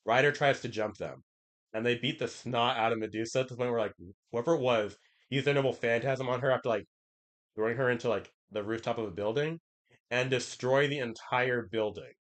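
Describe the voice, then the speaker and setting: A man's voice: mid-range voice, fairly quick. A man streaming, casually retelling a story in a rambling way, with many restarts and quoted lines.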